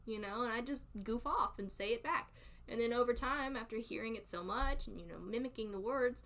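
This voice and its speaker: A young woman with a slightly high, pushed and bright voice and a Southern US accent chats casually on a live stream. She's giggly and rambling, laughing often.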